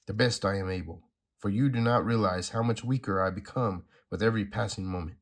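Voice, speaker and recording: A man reading a comic aloud, voicing an ancient, dying cosmic guardian in a measured, grave way. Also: fairly low pitch.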